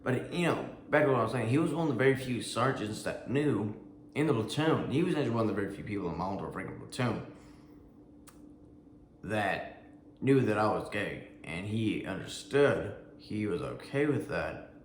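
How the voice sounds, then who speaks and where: A man's voice: lowish voice, animated, moderate pace, slight background noise. A man who served in the Army, casually telling a personal story in a rambling way, with lots of fillers, restarts and some swearing. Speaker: Army veteran vlogger. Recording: echoey room with faint ambience.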